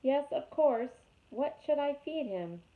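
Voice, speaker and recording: A woman voicing a calm, polite female robot who speaks in stiff, careful sentences in a storybook reading. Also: high-pitched, takes it slowly, pitched above the performer's own voice. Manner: plain, careful, formal wording. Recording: tinny phone-like sound.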